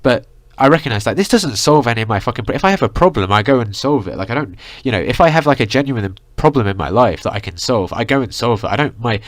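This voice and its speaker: A man's voice: mid-range voice, animated, fast talker. A young man in a heated, profane vlog rant, full of "like" and "you know". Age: young adult. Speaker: vlogger. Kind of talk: ranting vlog monologue.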